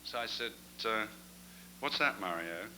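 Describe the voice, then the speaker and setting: A man's voice: on the low side, expressive, unhurried, background noise. A man giving an after-dinner talk as guest speaker, a chatty storyteller with self-deprecating asides. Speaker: guest speaker at a club gathering.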